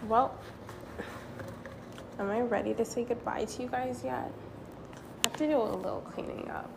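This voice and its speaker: A woman's voice: a little high, steady tone, normal speed, creaky, background noise. A young woman vlogging in a casual rambling monologue, candid and swearing, laughing at herself. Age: young adult.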